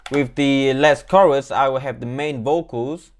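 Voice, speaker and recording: A man's voice: mid-range voice, a little slow. A man, a music producer, casually walking through how he built a track, rambling with lots of fillers and playing things down. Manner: loose and rambling, many fillers, self-deprecating. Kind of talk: casual beat breakdown walkthrough.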